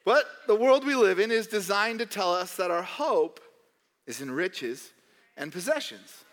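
A young man preaching a sermon in a church hall, joking and animated, putting on mock voices of doubters. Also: high-pitched, a little slow. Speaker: pastor.

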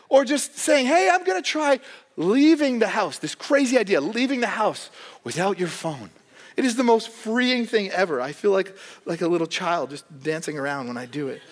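A man preaching a sermon as pastor, animated and joking, acting out the voices of characters in the stories he tells. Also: sits high. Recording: long hall reverb.

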